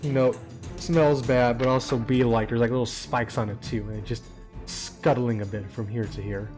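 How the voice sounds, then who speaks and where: A man's voice: mid-range voice, fairly even intonation, moderate pace. A man running a tabletop game as game master, describing scenes in a loose, rambling way with many hesitations. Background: soft background music.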